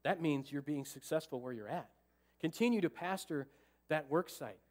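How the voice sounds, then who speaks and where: With a bright, high voice and a moderate pace, a man serving as pastor delivers a story-driven sermon in a church sanctuary. He brings lively energy, animatedly acting out his thoughts and joking with the congregation.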